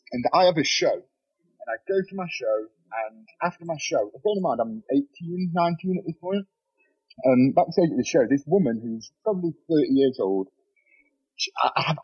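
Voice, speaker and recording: A man telling a wild story as a podcast guest, animated and swearing freely, laughing as he goes. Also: mid-range voice, breathy edge, highs cut off. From Nottingham, England. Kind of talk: casual storytelling. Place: bedroom.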